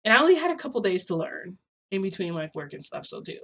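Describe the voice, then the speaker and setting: A woman's voice: mid-range voice, sing-song, fast, a bit bright. A young adult woman telling a story in a casual, rambling, filler-heavy way.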